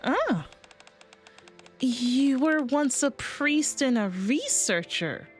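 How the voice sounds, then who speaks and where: A woman's voice: sits high, very animated, very slow, faint music behind, pitched above the performer's own voice, exaggerated voice. A woman voicing an impatient, busy female researcher in a game story, read aloud during a stream. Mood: curious.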